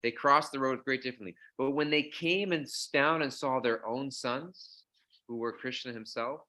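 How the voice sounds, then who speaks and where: A man's voice: mid-range voice, normal speed, bright, forceful tone. A man teaching a morning scripture class, speaking conversationally and telling anecdotes. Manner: conversational storytelling, acts out voices in anecdotes. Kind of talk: sermon.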